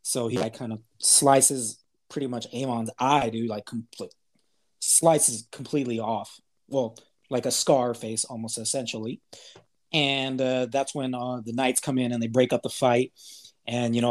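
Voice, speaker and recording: A man's voice: mid-range voice, steady tone, normal speed. Rambling man recapping a show. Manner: rambling retelling with acted-out quotes and filler words. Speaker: podcast host. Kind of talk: casual chat recapping a TV episode.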